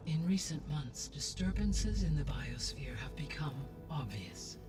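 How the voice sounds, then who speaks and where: A composed female artificial intelligence from a video game, lays out facts with measured, formal precision. Her voice comes from a distance, as if it were game audio playing in the room. A clear music score runs beneath her. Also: low voice, lively intonation. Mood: grave. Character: calm female artificial intelligence overseeing Earth. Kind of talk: video game cutscene dialogue.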